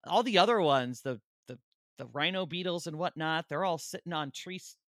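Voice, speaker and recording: A podcast co-host in casual chat, playful and quick with jokes. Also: mid-range voice, animated, fairly bright tone, dry recording, clean studio sound. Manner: playful, jumps into joke voices.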